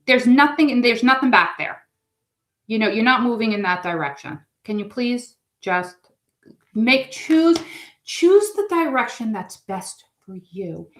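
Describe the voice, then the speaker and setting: A woman's voice: fairly high pitch, expressive, a little slow. A woman giving a live tarot reading, chatting in a rambling, emotional, effusive way. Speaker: tarot reader. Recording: echoey room.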